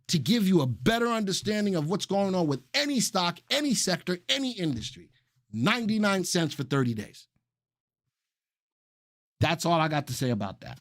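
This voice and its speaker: A man hosting a live stock analysis webinar, excited and repeating phrases for emphasis while he talks to chat viewers. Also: high voice, moderate pace, dry recording, clean studio sound. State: excited and sweating. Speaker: stock market webinar host.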